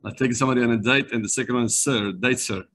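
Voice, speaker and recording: A man from South Africa with a South African accent, delivering a brisk, rehearsed startup pitch over a video call. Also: fairly even intonation, a bit bright. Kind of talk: online pitch presentation.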